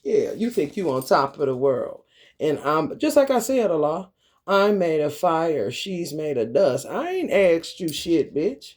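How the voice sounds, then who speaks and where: Man ranting in a lively sing-song voice. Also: a little high, unhurried, a little hiss or hum. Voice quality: swaggering, cursing, taunting. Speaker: vlogger. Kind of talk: profane confrontational rant.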